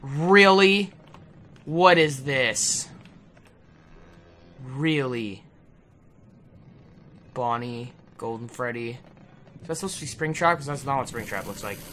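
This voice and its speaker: A woman's voice: a bass voice, lively intonation, slow, pauses often, a bit bright, slight background noise, rough recording. A young adult woman giving let's play commentary, frustrated and exclaiming often. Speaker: gaming video host.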